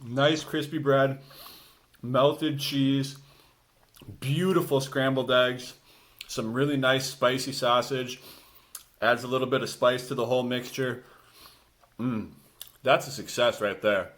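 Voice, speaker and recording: A man, a school gym coach, talking casually to his students in a home cooking vlog, relaxed and chatty, sometimes with his mouth full. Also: mid-range voice, slow pace, pauses often.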